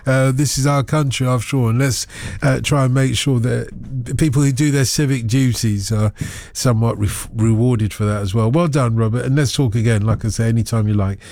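A man's voice: medium pitch, steady tone, fairly quick, creaky, darkish tone, dry recording. Radio host: man, chatty, interjects often, dry studio sound. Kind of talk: phone-in radio chat.

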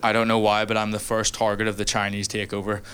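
A man's voice: lowish voice, completely flat delivery, fast talker, fairly bright tone. A Northern Irish man doing a brash live stand-up set, riffing with the crowd and laughing through his lines in a small room. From Northern Ireland. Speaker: stand-up comedian. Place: small converted hotel room, live audience. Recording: noisy live club recording.

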